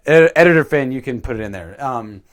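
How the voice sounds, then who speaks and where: Rambling, animated guy reviewing a movie. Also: medium pitch, brisk. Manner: rambling, animated, with fillers and mild swearing. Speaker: channel host. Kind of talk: casual movie review commentary.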